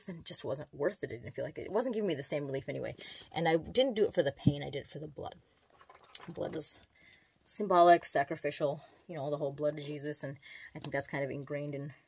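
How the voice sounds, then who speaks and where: A woman's voice: low-pitched, slightly rough, no room sound. A woman vlogger talking in a meandering, confessional way while she does her makeup at a mirror at home. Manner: rambling, meandering, distracted while doing makeup. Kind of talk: casual confessional chat.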